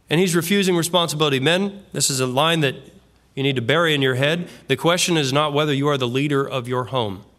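A male pastor preaching a sermon with a voice pitched a little above the usual for a man. He talks earnestly and conversationally, bringing in vivid everyday examples to make his points. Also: fairly bright tone. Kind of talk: expository sermon.

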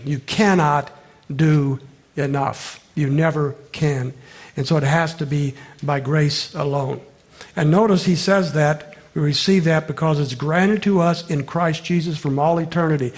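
A male pastor with a voice that's a little high preaches a sermon emphatically. He repeats key phrases, asks rhetorical questions, and slows down to stress his points.

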